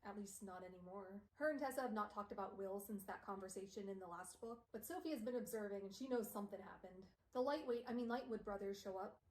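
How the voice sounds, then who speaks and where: A woman's voice: mid-range voice, fast, few pauses, darkish tone, slight background noise. A young woman VTuber recapping a novel in a chatty, sarcastic way, dropping "like" constantly. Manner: chatty, sarcastic, heavy use of "like". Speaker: VTuber streamer. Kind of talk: casual book recap. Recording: roomy echo.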